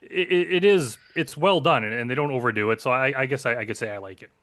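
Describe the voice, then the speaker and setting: A man co-hosting a movie review podcast who weighs his opinions out loud, repeating words as he goes. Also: medium pitch, fast. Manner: hesitant, repeats words while forming opinions. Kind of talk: casual movie discussion.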